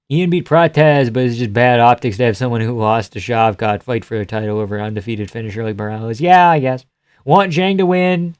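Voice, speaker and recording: A man's voice: mid-range voice, fairly quick, smooth, no room sound, clean studio sound. Casual, profane man streamer. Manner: casual and profane, reading chat aloud, joking. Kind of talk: live fight watch-along chat.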